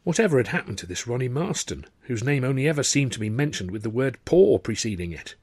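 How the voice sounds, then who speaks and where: A man's voice: medium pitch, big pitch swings, fast, a little mellow, husky, dry recording. A man reading his own story aloud as author and narrator, in a wry, conversational storytelling manner. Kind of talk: scripted audiobook narration.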